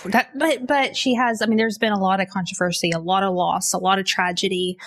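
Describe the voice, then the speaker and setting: A young adult woman with a Southern US drawl, chatting on her podcast with easy enthusiasm. Her mid-pitched voice has a gravelly fry at the ends of phrases. The sound is close and dry, with no room around it. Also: steady tone, brisk, no room sound. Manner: chatty, enthusiastic, laughs easily. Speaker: podcast co-host. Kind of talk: casual podcast chat.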